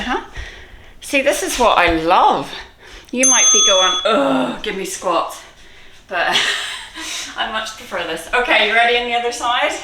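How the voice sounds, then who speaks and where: A woman coaching a live online kettlebell workout, encouraging and out of breath, cueing reps with quick laughs. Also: a little high, recorded from a distance, background noise. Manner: encouraging, breathy between cues, laughs often. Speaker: kettlebell fitness instructor. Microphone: video call. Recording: echoey room, voice a bit off-mic.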